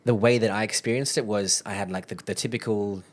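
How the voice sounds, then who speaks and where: A man's voice: fairly low pitch, fairly even intonation, fairly quick. A man with an Australian accent, a podcast guest telling a personal story in a chatty, candid way, often quoting his own thoughts and laughing as he goes.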